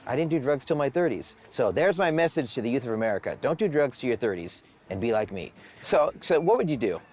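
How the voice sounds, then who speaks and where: A man's voice: mid-range voice, big pitch swings, quick pace, a little mellow. A man who runs a record label tells stories in a documentary interview. He swears freely and acts out the voices of the people he quotes.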